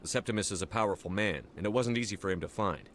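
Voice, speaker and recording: An actor playing a steady human military commander who speaks in a brisk, matter-of-fact way. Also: male voice, on the low side, slight background noise, lightly acted.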